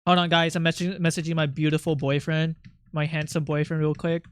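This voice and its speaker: A young man streaming while he draws, chatting casually with his viewers in a rambling, animated way, often breaking into laughter. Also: a little high, fairly quick, clean tone, dry recording, clean studio sound. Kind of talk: casual livestream chat while drawing.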